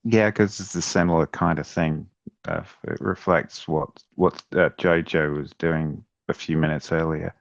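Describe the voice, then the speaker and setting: Very deep-voiced hesitant man. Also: steady tone, dry recording. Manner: hesitant, halting answers. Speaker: podcast co-host, first-time viewer. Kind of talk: casual chat. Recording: dull, muffled sound.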